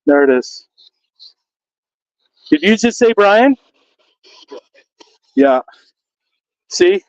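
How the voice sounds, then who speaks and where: A man's voice: sits high, expressive, takes it slowly, no room sound, dull audio. A man on a ghost hunt under a bridge, coaxing spirits with repeated questions. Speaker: ghost hunter. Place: outdoors under a bridge with traffic overhead.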